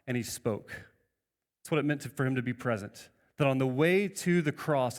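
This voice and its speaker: Pastor, male, slightly high voice, earnest sermon delivery, lots of restarts, reverberant church hall. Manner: earnest preaching with frequent restarts and rhetorical "right?".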